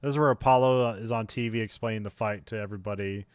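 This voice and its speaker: A man's voice: fairly low pitch, steady tone, racing, smooth, no room sound, clean studio sound. A man co-hosting a casual movie podcast, recapping scenes with many fillers and frequent laughs. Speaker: podcast co-host.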